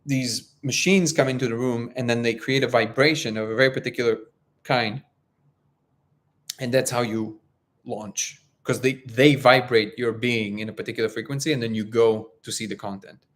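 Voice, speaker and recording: A man hosting a casual live-stream talk, speaking haltingly with many restarts and fillers. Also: medium pitch, steady tone, fairly bright tone. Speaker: host of a live discussion stream.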